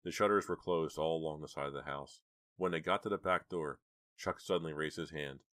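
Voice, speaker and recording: A male narrator reads a horror audiobook in a steady, measured way. His voice is extremely deep, and the recording is dry and close. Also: dry recording.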